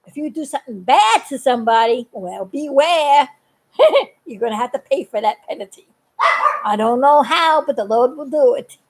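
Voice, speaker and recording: A woman's voice: high-pitched, lively intonation, moderate pace, slight background noise, low-quality recording. An older woman chatting on a live video, talkative and earnest, laughing often as she gives warnings. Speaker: vlogger. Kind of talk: casual live video chat.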